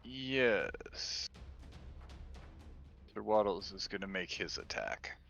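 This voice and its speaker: A man's voice: low voice, wildly swooping pitch, slow pace, vocal fry, a bit bright, dull audio, soft background music. A man playing a character in a tabletop game, easygoing and a bit hesitant. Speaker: player. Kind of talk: casual tabletop play.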